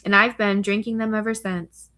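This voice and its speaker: A dry-witted American FBI veteran near fifty, read by a woman, unhurried and deadpan. The delivery stays level, with little rise and fall in the tone. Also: medium pitch, lightly acted.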